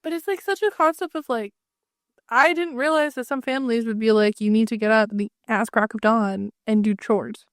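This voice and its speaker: A woman co-hosting a podcast in casual chat, telling family stories with lively acted-out quotes. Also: on the high side, fairly quick, dry recording, studio quality. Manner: animated storytelling, acts out quotes. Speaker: podcast co-host.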